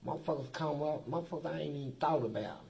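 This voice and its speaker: A man's voice: on the high side, rapid-fire, gravelly, a little mellow, low-quality recording. A man from Kentucky telling profane, streetwise stories in casual talk as an interview guest, acting out the dialogue. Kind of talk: casual storytelling.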